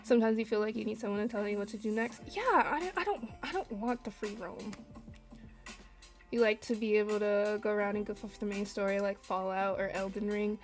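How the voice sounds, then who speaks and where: A woman chatting casually to her live-stream audience while she draws, animated and laughing at herself. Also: mid-range voice. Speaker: artist streaming while drawing. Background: faint lo-fi music.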